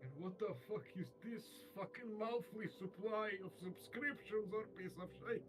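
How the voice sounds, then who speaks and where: A man's voice: high-pitched, moderate pace. A man playing a tabletop game, joking sarcastically and swearing freely. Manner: sarcastic, profane. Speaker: player.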